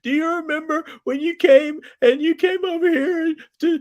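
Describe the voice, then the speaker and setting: A man's voice: very high-pitched, fairly even intonation, normal speed, voice pushed up. A man putting on the voice of a drunk, tearful older female fan who pleads with a wrestler. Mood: tearful pleading.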